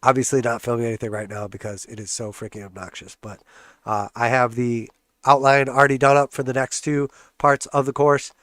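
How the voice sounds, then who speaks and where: A man's voice: mid-range voice, flat delivery, a little fast, fairly bright tone, dry recording, studio quality. Stuffed-up man streaming trading charts. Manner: casual, joking, hype-man cheering on charts. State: congested, stuffed-up nose. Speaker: trading channel host. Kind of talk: live stream chart commentary.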